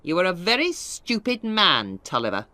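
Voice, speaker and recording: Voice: mid-range voice, wildly swooping pitch, normal speed, pushed and bright, no echo. A narrator voicing a spiteful middle-aged lawyer who sneers in a raised voice, for an audio storybook. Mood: sneering.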